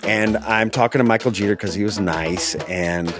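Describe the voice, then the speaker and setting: A man, an actor, telling a casual anecdote from a film set, animated and quick to laugh. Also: on the low side, music in the background. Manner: animated, laughs often, mimics others' voices. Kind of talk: casual storytelling.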